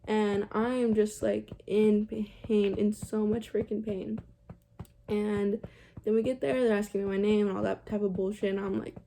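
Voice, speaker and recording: Young woman vlogger, casual storytime, gravelly with a dark mellow tone, holding a baby. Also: mid-range voice, flat delivery, normal speed, slight background noise. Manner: chatty, heavy "like" and "um", swears casually.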